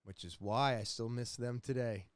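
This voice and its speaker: A young adult man hosting a podcast, casually telling a rambling, profane story with animated retellings. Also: mid-range voice, moderate pace, dry recording. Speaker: podcast host.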